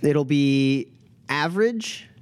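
A man running a tabletop game as game master, narrating haltingly with many fillers. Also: on the high side, animated, smooth, no room sound.

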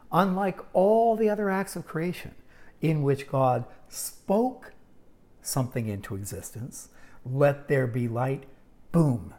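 A woman teaching a Bible lesson in sermon style, storytelling with dramatic pauses and wry asides. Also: very deep voice, mellow.

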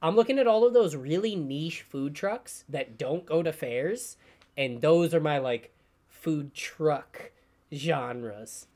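A man's voice: fairly high pitch, takes it slowly. A man from New York co-hosting a podcast, chatting casually and arguing his point with emphatic repetition. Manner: animated, argumentative, repeats words for emphasis. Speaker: podcast co-host. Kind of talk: casual chat.

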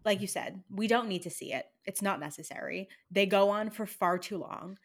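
A woman co-hosting a film podcast, talking through her views in a measured, agreeable way. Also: medium pitch. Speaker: podcast co-host. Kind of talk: casual film review chat.

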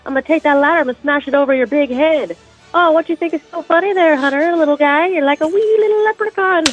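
A woman's voice: high voice, fast talker, lo-fi sound, soft background music, lightly acted. A woman in a radio studio putting on an angry female Irish wrestler with a put-on Irish accent, trash-talking and threatening her opponents. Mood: mocking. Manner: taunting, threatening trash talk.

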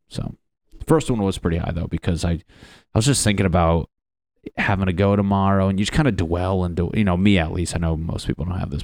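A man's voice: deep voice, a little mellow, no echo, studio quality. A young man talking casually to his viewers, rambling, swearing freely and poking fun at himself. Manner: rambling, profane, self-deprecating. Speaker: vlogger. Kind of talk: casual personal talk to camera.

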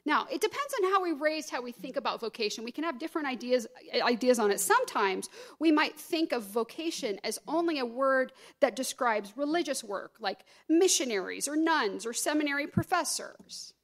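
A middle-aged woman pastor preaching a sermon, acting out quoted voices with sudden jumps in pitch. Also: lively intonation, normal speed, hardly any pauses.

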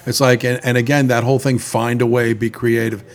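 Fast-talking blunt band manager, a man. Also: mid-range voice. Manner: blunt, animated, swears freely. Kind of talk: casual chat.

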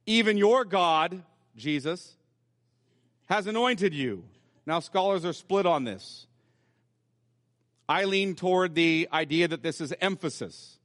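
A man's voice: a little high, a bit bright, big-room sound. A man preaching a sermon as pastor, explaining scripture step by step in a teaching manner. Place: church sanctuary.

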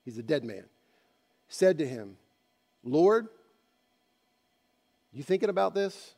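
A man preaching a sermon, telling a story dramatically and moving between hushed passages and loud ones. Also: a little high, big pitch swings, slow pace. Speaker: pastor.

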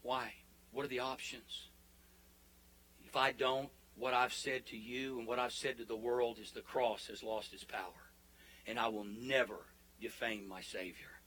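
A man preaching a sermon as pastor, building to fervent declarations and dropping into soft, hushed prayer. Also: medium pitch, fairly even intonation, a little slow, poor audio.

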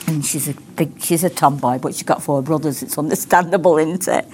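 A woman's voice: sits low, breathy edge. A middle-aged woman, giving a rambling, heartfelt testimony and prayer to a ministry class. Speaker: ministry teacher.

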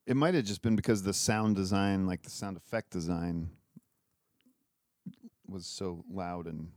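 A man's voice: deep voice, fairly even intonation, measured pace, darkish tone, no room sound. A man co-hosting a podcast in casual chat, teasing his co-host with dry wisecracks.

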